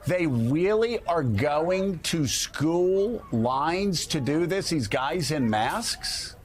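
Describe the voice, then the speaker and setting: A man's voice: on the high side, animated, very slow. Middle-aged guy hosting a talk show, fired up and indignant, lots of repeating himself. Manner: indignant, emphatic, repetitive. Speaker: morning show host. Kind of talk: impassioned opinion commentary.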